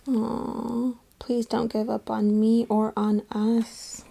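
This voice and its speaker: A woman's voice: on the high side, flat delivery, slow pace, creaky, very noisy. A woman doing a casual tarot reading, chatting straight to her viewers and calling them her loves. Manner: chatty, addresses viewers as "my loves" and "you guys". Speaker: tarot reader.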